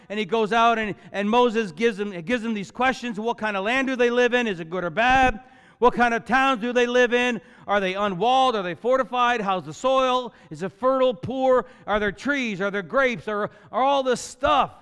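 A man preaching a sermon as the pastor, telling a Bible story in an animated way and acting out the characters with jokey asides. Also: very high voice, clean tone. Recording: church hall with long reverb.

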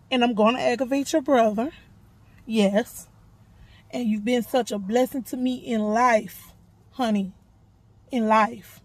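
A woman's voice: on the high side, a little mellow, husky, low-quality recording. A woman recording an affectionate, emotional get-well video message, close to tears.

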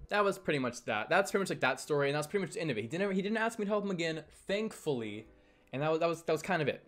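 A man's voice: on the high side, animated, racing, a bit bright, soft background music. A young man casually telling a rambling camp story, often correcting himself and acting out quotes. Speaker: storytelling vlogger.

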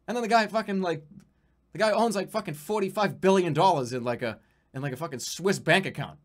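A man's voice: high-pitched, fast talker. A man from the United States streaming live, chatting casually in a rambling, profane, joking way with many restarts.

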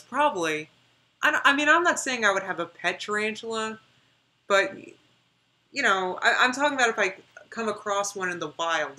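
A woman's voice: mid-range voice, sharp tone. A young woman chatting casually on her live stream, rambling and reading out viewer comments.

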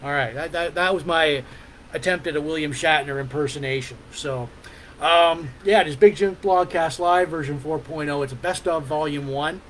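A man's voice: fairly high pitch, normal speed, a bit bright, slight background noise, low-quality recording. A middle-aged man hosting a podcast in casual rambling chat, loose and full of fillers and hums, with the odd swear. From Ontario, Canada. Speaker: podcast host.

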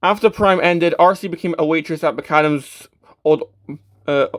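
A man's voice: fairly high pitch, normal speed. A man casually reviewing a toy, stammering often and filling gaps with "uh" and restarts. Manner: stammering, with many fillers and restarts; self-deprecating, matter-of-fact.

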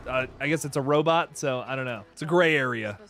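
A man giving casual, slangy commentary on a film, excitable and quick to joke. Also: medium pitch, creaky. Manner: excitable, jokey and slangy, with frequent laughs. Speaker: movie reviewer.

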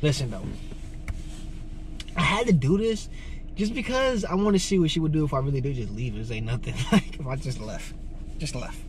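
A man's voice: a little high, animated, normal speed, long pauses, noisy background. A man talking casually to the camera in a prank vlog, laughing and joking in slangy banter. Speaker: prank vlogger. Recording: music playing behind.

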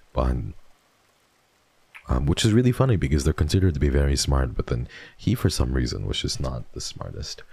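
A man's voice: very deep voice, gravelly, darkish tone, dry recording. A young man streaming casually, rambling and repeating himself as he talks fondly about dogs. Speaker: streamer host. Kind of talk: casual livestream chat.

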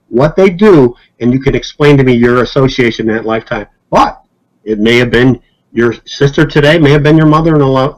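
A man as a podcast guest, telling stories casually and acting out the people he quotes. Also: low-quality recording. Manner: animated, acts out quotes with rising pitch. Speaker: hypnotist guest. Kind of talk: casual storytelling.

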